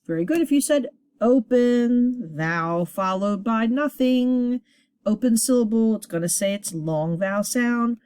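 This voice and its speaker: A woman teacher leading a children's reading lesson, encouraging her class and sounding words out slowly at a board. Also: fairly high pitch, lively intonation, darkish tone, clean tone, no echo.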